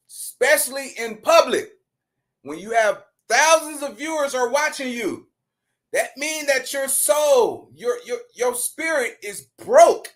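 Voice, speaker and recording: A man with a strikingly high voice rants in loose, profane street talk, jumping between firm points and laughter. He talks casually to his viewers with a lot of animation. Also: expressive, slow pace, fairly bright tone. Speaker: commentary streamer. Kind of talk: casual reaction commentary.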